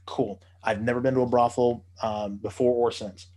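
A man's voice: medium pitch, steady tone, normal speed, a little mellow. A man telling a long story in casual podcast chat, profane and rambling with many fillers.

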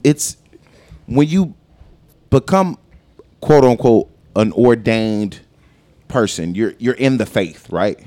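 A man's voice: mid-range voice, animated, takes it slowly, long pauses, mellow. A man on a casual podcast, reflecting emphatically on a serious point. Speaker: podcast co-host.

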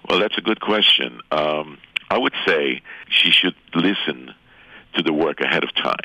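An older man, a guest violinist calling in, gives unhurried, chuckling advice with some restarts. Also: rumbling low, lively intonation, gravelly, bright, forceful tone, dry recording. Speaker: guest violinist on a phone call. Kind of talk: casual phone conversation. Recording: phone line.

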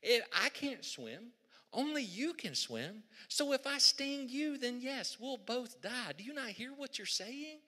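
A man voicing a scheming, smooth-talking male scorpion in a fable, pushy and incredulous. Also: very high-pitched, big pitch swings, unhurried, sharp tone, long reverb tail, pitched above the performer's own voice, heavily acted. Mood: exasperated.

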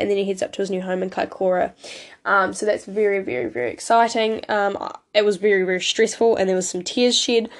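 Teary New girl rambling on a podcast. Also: mid-range voice. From New Zealand. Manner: rambling, apologetic, with many ums. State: voice rough from crying. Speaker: podcast host. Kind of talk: casual solo podcast update.

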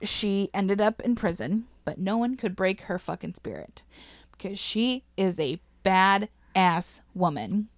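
Woman, casual storyteller, swears a lot, animated, dry close sound. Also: mid-range voice, unhurried, dry recording. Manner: swears freely, laughs, emotional and animated. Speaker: podcast host telling a history story.

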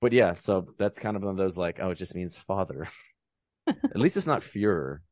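A man's voice: low-pitched, animated, normal speed, darkish tone, no room sound, studio quality. A man co-hosting a podcast, recapping a film in casual, profane chat and joking as he goes. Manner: profane, joking, breaks into mock voices. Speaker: podcast co-host.

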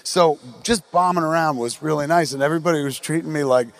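A man's voice: a little high, fast, creaky. A middle-aged man from New Jersey, hosting a podcast live on a theatre stage and telling a long, profane story with acted-out quotes. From New Jersey, USA. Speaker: podcast host.

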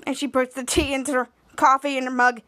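A woman's voice: sits high, flat delivery, fast, pushed and bright, no echo. A woman hosting a podcast, casually recapping an episode in a rambling way and acting out the scenes. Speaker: podcast host.

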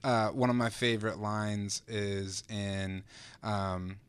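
A man's voice: fairly low pitch, level tone, slow pace, smooth. A man on a podcast panel talking animatedly, swearing casually and laughing easily. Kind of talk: casual round-table chat.

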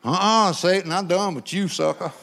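A man voicing a big, loud churchwoman telling the devil off in a sassy drawl. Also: on the low side, moderate pace, gravelly. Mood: defiant.

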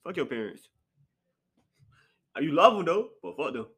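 A man's voice: on the high side, big pitch swings, moderate pace, a bit bright, husky. A young man hosting a solo podcast, rambling and profane, often mocking himself. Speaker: podcast host. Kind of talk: casual solo podcast rant.

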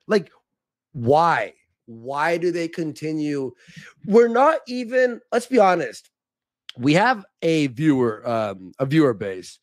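Speaking slowly in a fairly high voice with big pitch swings, this young Canadian streaming guest rambles in casual chat, grows heated, swears, and trips over restarts. The recording is dry.

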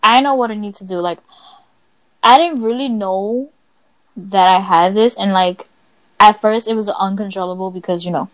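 A woman co-hosting a podcast, telling stories in a blunt, profane, animated way. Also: medium pitch, a little fast, no room sound, rough recording. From Latina. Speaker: podcast co-host. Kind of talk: casual chat.

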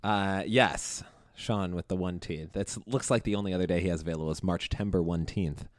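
A man's voice: deep voice, a little fast, dry recording, studio quality. A man co-hosting a podcast, playfully quizzing the others on trivia. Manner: playful quizzing, lively ups and downs. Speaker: podcast co-host, trivia quizmaster. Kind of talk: casual chat with quiz questions.

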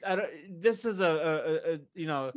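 A man's voice: on the high side, moderate pace. A middle-aged man hosting a podcast, telling a story in casual chat, laughing often and acting out what people said. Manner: animated storyteller who laughs often and acts out quotes. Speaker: podcast host.

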